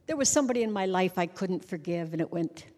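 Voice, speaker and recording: A middle-aged woman giving a humorous storytelling sermon at a conference, animated and conversational, sometimes breaking into song to make a point. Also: lowish voice, quick pace. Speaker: conference speaker. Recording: long reverb of a large hall.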